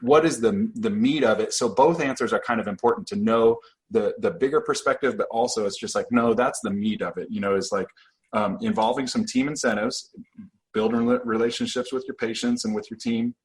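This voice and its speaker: A man's voice: lowish voice, a little fast. A man from Iowa, a podcast host who rambles and hedges in casual chat. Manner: rambling, hedging, laughs easily.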